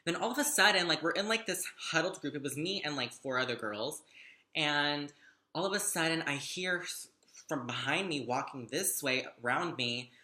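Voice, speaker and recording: A man's voice: on the high side, moderate pace, bright, forceful tone. A young man telling a story to the camera, chatty, gossipy and dramatic, with plenty of swearing. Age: young adult. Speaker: vlogger. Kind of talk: casual storytime monologue.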